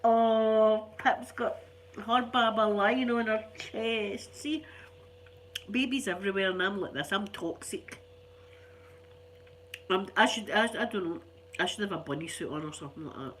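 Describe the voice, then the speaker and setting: A woman's voice: mid-range voice, unhurried, long pauses, fairly bright tone, slight background noise. An older Scottish woman chatting casually to viewers, rambling and laughing often, sounding stuffy and unwell. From Scotland. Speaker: ASMR channel host.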